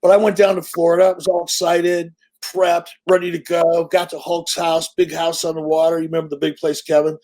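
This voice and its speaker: A middle-aged man tells a story in a casual interview, with a voice pitched a little high. He talks in an animated, profane, salesman-like way, full of confidence. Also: brisk, few pauses. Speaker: interview guest.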